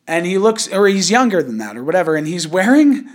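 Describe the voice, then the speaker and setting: A man's voice: high voice, very animated, brisk. A man hosting a casual podcast, rambling with loose, slangy talk and frequent laughter. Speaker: podcast host.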